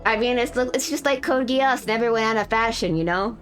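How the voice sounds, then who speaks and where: A woman's voice: fairly high pitch, brisk. A woman streamer chatting casually on a live stream, her talk rambling and full of restarts and little laughs. She sounds a bit under the weather, and faint game music plays underneath her voice. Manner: rambling, self-correcting, laughs often. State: feeling unwell.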